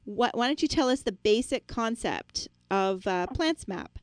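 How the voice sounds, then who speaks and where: A woman's voice: on the high side, expressive, measured pace, no room sound. A middle-aged woman hosting a talk show in a chatty, rambling way, full of fillers and restarts. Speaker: radio show host and landscape designer. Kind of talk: casual talk-show chat.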